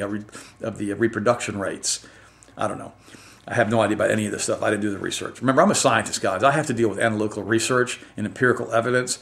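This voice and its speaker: A man's voice: fairly low pitch, creaky. A man delivering a direct-to-camera opinion monologue as a health commentator, emphatic and firing off rhetorical questions.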